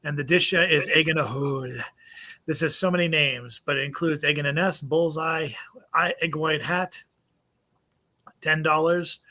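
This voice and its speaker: A man with a bright, forceful voice, pitched a little higher than most men. He co-hosts a casual podcast, joking and rambling, often restarting his sentences. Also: fairly even intonation, normal speed. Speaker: podcast co-host. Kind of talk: casual chat.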